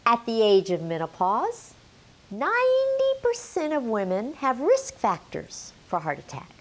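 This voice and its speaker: A woman's voice: a little high, huge pitch swings, unhurried. A middle-aged woman teaching a health lesson straight to camera, emphatic and quizzing the viewer. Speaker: menopause health educator.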